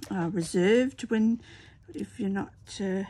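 A woman hosts a craft video from her table at home, chatting to the camera in an unhurried way. She talks herself through every step with little murmured asides. A steady background noise sits clearly under the recording. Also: mid-range voice. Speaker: craft channel host. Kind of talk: casual crafting chat to camera.

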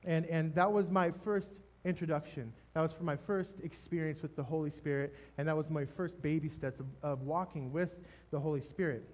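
A man preaching a sermon, telling a personal testimony in an emotional, halting way with many restarts. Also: fairly high pitch, fairly even intonation, a little mellow. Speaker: pastor. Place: church stage.

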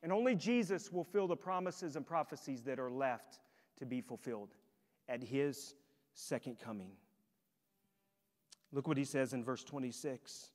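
A man's voice: mid-range voice, measured pace, long pauses, darkish tone. A male pastor preaching a sermon to his congregation, emphatic and fond of rhetorical questions. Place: church sanctuary. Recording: long church hall reverb.

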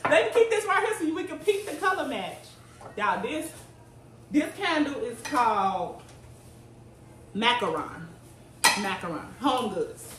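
This woman's voice runs on the high side with big swings in pitch and a fairly bright tone. She's unhurried and pauses often as she chats with viewers, calling them "y'all" while showing off home decor finds in a casual haul vlog at home. Her distant mic catches an echoey room and a lot of noise.

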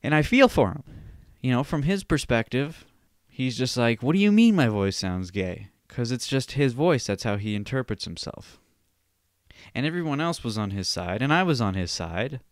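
A man's voice: mid-range voice, moderate pace, no echo, studio quality. A young man hosting a solo podcast, ranting and telling stories in a rambling, profane way. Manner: profane, rambling, animated storytelling. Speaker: podcast host.

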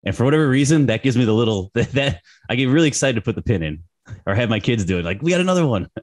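A slightly hoarse man in his thirties co-hosts a casual podcast at an ordinary mid pitch. He talks in a relaxed, chatty way and often stumbles and repeats his words. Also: quick pace. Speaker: podcast co-host.

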